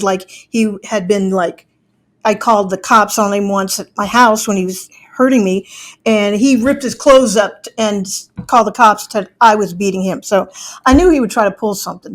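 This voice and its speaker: A middle-aged woman tells a personal story in a loose, chatty way. Her voice sits a little high, and she slips into the voices of the people she quotes. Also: normal speed.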